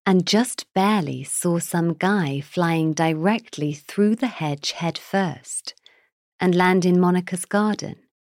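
Slow, gravelly woman reading a story. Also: low-pitched, darkish tone, no room sound, studio quality. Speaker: narrator. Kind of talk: storybook narration.

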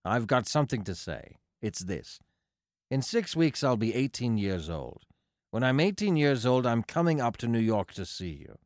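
A man's voice: medium pitch, big pitch swings, moderate pace, no echo, studio quality, close to an everyday voice. A man voicing an awkward seventeen-year-old boy in an audiobook, blunt and earnest. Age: teens. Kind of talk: audiobook character voice.

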